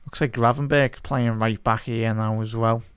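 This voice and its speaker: A man giving live fan commentary during a football watch-along, talking to his chat and swinging from low muttering to outraged shouts at the referee. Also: steady tone, normal speed, clear, resonant tone.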